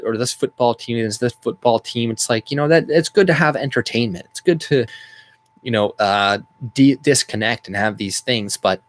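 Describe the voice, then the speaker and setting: A man who rants about politics in a heated, rambling way and swears often. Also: mid-range voice. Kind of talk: angry political rant vlog.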